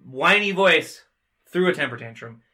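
Animated, bright-voiced podcast man. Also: on the high side, moderate pace. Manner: animated, jokey, swears, swings loud and quiet. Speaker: podcast co-host. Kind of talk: casual movie discussion.

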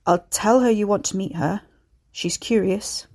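A woman's voice: medium pitch, a little slow, darkish tone. A woman voicing a young male shapeshifting cannibal who pleads and swears in working-class speech. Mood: scheming.

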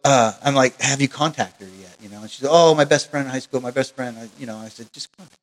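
A man's voice: mid-range voice, fast. Profane, rambling podcast storyteller man. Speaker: podcast co-host. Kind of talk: casual chat. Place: Oregon. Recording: long reverb.

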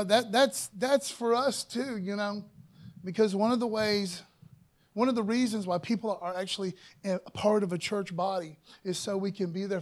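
A pastor with a high voice preaches a sermon to his congregation in a loose, chatty style, often dropping in "man" and "you know." Whenever he reads scripture, his voice gets louder and higher.

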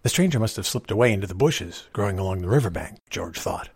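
A man reading a short story aloud in a measured, expressive way, with a husky voice. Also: fairly low pitch, no echo.

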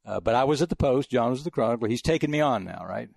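An older man from El Paso talks quickly through rambling stories, often stopping and restarting his sentences. His voice has a gravelly edge. The recording is dry and close, with no room sound. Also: mid-range voice, expressive, a little mellow, no room sound. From El Paso, Texas. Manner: rambling, chatty, frequent restarts. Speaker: veteran sportswriter guest. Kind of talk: casual storytelling interview.

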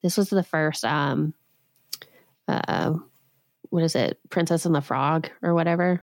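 30s lady telling a legend on a podcast, low-ish voice, snarky asides, laughs at her own jokes. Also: a little slow, no room sound, studio quality. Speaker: podcast host. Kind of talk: storytelling with comic asides.

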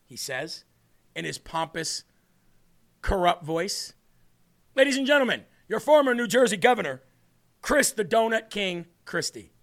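A man's voice: high-pitched, big pitch swings, measured pace, pauses often, fairly bright tone. A man hosting a political livestream, talking in a brash, mocking way and reading out viewer comments. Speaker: livestream show host.

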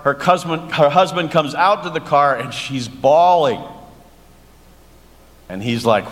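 A man, a pastor, preaching a sermon in a slow, earnest storytelling manner and leading a prayer. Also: on the high side. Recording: long church reverb, faint noise.

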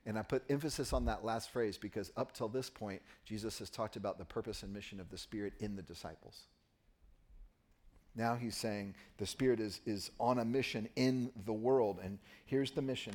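A man preaching a Sunday sermon, reading scripture and then explaining it with pauses for emphasis. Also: fairly low pitch, steady tone, a little mellow. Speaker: pastor. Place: church.

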